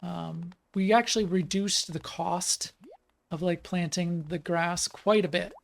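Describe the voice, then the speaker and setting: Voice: medium pitch, fairly even intonation, a little slow, gravelly. A game developer from the United States chats in a rambling way during a live stream, full of fillers and restarts while playing the game. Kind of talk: live stream gameplay chat.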